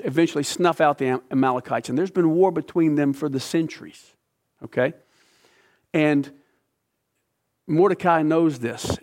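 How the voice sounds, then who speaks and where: A man leading a midweek Bible study, retelling the story in an animated way with casual slang. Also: a little high. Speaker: Bible teacher.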